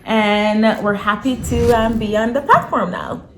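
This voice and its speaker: A woman in her thirties co-hosting a casual couple Q&A, blunt and quick to laugh. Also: fairly high pitch. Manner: lively, blunt, laughs often. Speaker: co-host of couple channel. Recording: echoey room with faint hum.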